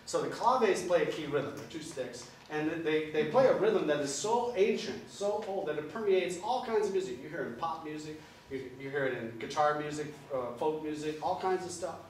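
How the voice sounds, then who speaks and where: An older man from New Orleans coaches a school jazz band, scatting drum rhythms aloud with a joking touch. His voice sits a bit high for a man. The band room is very echoey, and he is heard from a distance over faint room noise. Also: lively intonation, normal speed, darkish tone. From New Orleans, USA. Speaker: band clinician. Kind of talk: jazz band clinic instruction.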